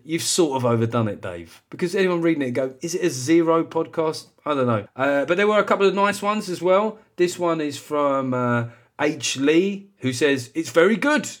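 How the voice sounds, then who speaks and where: British male podcast host, mid-pitched, wry and chatty, laughs at himself. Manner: chatty, wry, self-mocking, laughs often. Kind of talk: casual chat and reading listener reviews.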